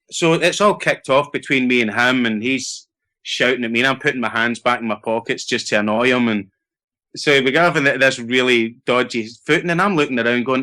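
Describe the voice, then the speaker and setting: Scottish guy, middle-aged, bright tense voice, chatty storytelling with lots of laughs. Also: mid-range voice, a little fast. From Scotland. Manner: animated anecdotes with laughter and acted-out quotes. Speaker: actor guest. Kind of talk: casual interview storytelling.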